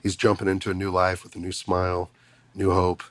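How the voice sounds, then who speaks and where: A man talking as a podcast guest, an animated storyteller who laughs often. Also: sits low, brisk. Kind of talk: casual conversation.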